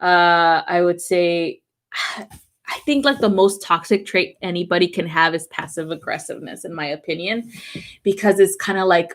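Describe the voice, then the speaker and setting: A woman's voice: on the low side, normal speed. A woman reading weekly astrology transits, talking bluntly to her viewers with lots of swearing and frequent laughter. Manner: animated, talks directly to viewers. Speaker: astrology and tarot reader. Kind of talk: casual weekly astrology forecast.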